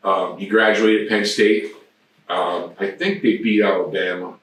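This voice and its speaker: A man's voice: on the low side, steady tone, measured pace, a bit bright. A man in his sixties telling rambling, profane anecdotes as an interview guest. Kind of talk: casual storytelling. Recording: very echoey room, distant mic.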